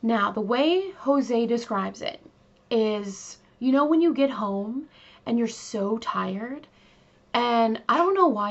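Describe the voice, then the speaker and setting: A woman hosting a true crime show, telling the case in a chatty, casual way with lots of fillers and asides to her listeners. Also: on the high side. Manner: chatty, many fillers, talks to listeners directly. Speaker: true crime podcast host. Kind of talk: casual storytelling. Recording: slightly dull lo-fi recording.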